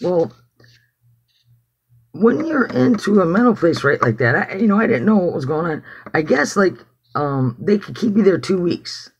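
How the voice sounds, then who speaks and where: Man, husky, higher pitch, animated delivery, rambling, swears a lot, casual testimony. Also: moderate pace. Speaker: activist giving testimony. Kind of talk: casual personal storytelling.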